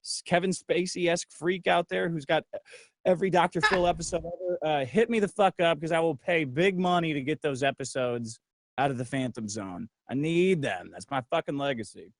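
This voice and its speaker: A middle-aged man telling a profane, brash story in casual livestream talk, acting out other people's lines in a lower voice. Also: normal speed, no room sound, clean studio sound. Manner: acts out others' lines in a low voice. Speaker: guest.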